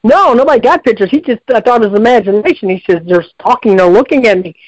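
High-voiced man rambling on a call-in. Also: animated, fast talker, dry recording, highs cut off. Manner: folksy, repetitive, lots of restarts. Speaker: radio show caller. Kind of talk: rambling casual storytelling.

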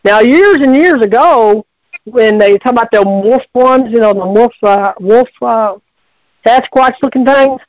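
A woman's voice: fairly high pitch, measured pace, dry recording, lo-fi sound. Rambling woman on a call-in line. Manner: rambling, colloquial, with many restarts. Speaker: caller. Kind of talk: call-in storytelling.

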